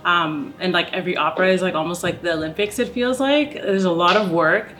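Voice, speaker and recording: A woman's voice: lowish voice, fairly quick, fairly bright tone, soft background music. A young adult woman, an opera singer speaking openly in a documentary interview, with many "like" fillers. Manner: open and reflective, heavy use of "like" as a filler.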